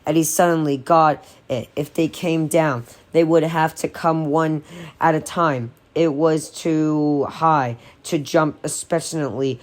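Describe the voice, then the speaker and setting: A woman reads a novel aloud in a low-pitched voice. Her delivery is unpolished, with small slips she stops to correct. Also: steady tone, slow pace. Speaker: audiobook reader.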